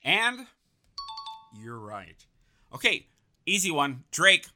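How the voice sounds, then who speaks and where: A man with a very bright, lively voice hosts a casual quiz game, upbeat and encouraging. He reads out names one after another, his pitch bouncing around a lot. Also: slow, faint music behind. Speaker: host.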